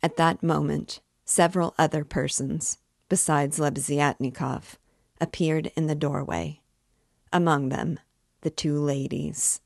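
A woman narrating a novel aloud, calm and deliberate. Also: deep voice, vocal fry, no echo, clean studio sound. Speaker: reader. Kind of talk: audiobook narration.

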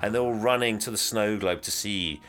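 Bright-voiced man recapping a film. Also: fairly low pitch, moderate pace. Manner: animated, laughing, acts out quotes. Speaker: podcast co-host recapping a film. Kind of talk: casual chat.

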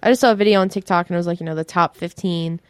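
A woman's voice: on the low side, very fast, clear, resonant tone, dry recording. A woman co-hosting a sports radio show, chatting casually with teasing sarcasm. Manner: teasing, sarcastic, laughs often.

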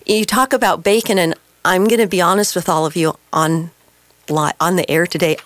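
A woman's voice: lowish voice, fairly even intonation, normal speed, dry recording. Passionate woman telling her story on air. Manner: passionate, emotional. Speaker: radio show guest. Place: radio studio.

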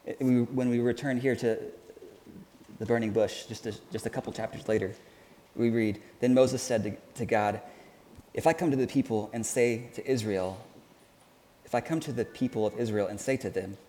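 A man preaches a sermon with a mellow, dark voice. He speaks earnestly and haltingly, often restarting his sentences. His voice carries a long reverb through the hall, with faint ambient noise behind it. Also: mid-range voice, steady tone.

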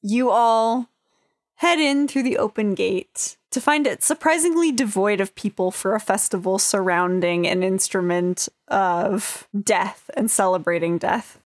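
A woman's voice: mid-range voice, measured pace, no echo, clean studio sound. A young woman narrating as dungeon master in a casual, easygoing way. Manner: casual, easygoing, uses fillers like "like". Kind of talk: narrating a tabletop game.

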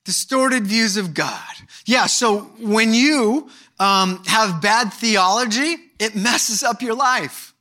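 A middle-aged male pastor preaching a sermon, candid and animated, breaking into mock voices and shouted bursts. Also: sits high, takes it slowly, few pauses.

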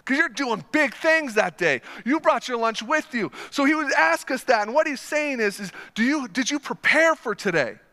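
A young man preaching a sermon, telling a story with energy and swinging from quiet asides to loud excited bursts. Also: extremely high pitch, normal speed, hardly any pauses, in a large hall. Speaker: pastor.

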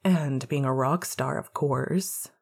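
A woman's voice: a bass voice, takes it slowly, gravelly, breathy edge, pitched below the performer's own voice, full character voice. A woman reading a cocky, rebellious teenage boy wizard in a podfic, brash and playful.

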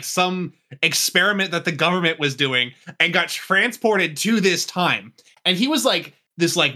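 A man pitching his character as a player, in casual, rambling talk full of "like". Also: pushed and bright. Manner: rambling, many fillers like "like". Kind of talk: casual podcast chat.

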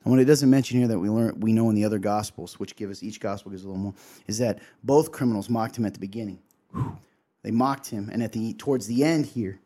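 A man's voice: on the low side, warm tone. A man co-hosting a show, giving an emotional sermon-style talk, earnestly acting out quotes and often asking "right?". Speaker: co-host sharing a devotional.

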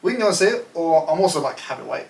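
A man's voice: fairly high pitch, lively intonation. A man, co-hosting a podcast in casual, sweary chat. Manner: chatty, swears, quick interjections. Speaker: podcast co-host. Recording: echoey room, distant mic, faint noise.

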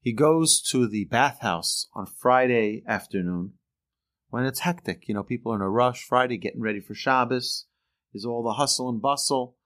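A man teaching a religious lesson through earnest, animated storytelling. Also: medium pitch, normal speed.

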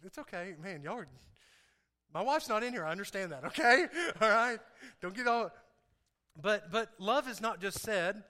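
A man's voice: high-pitched, normal speed. A man giving a casual, joking sermon, often repeating himself and asking the congregation questions. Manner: animated, joking, repeats words and asks the crowd questions. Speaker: preacher. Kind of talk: conversational sermon. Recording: reverberant hall.

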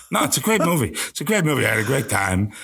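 Brief: a man playing a boastful older film star, husky and gravelly, who grumbles low then erupts. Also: heavily acted. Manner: rambling, swings from low grumble to loud outbursts. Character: aging famous male film actor, gruff and boastful. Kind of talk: comedic impression on a podcast.

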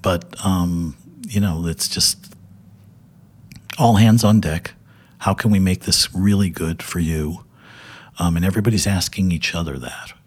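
This older TV director has a low, unhurried voice with a breathy edge. As a guest he tells stories in a loose, wandering way, full of fillers and false starts, and he laughs a lot.

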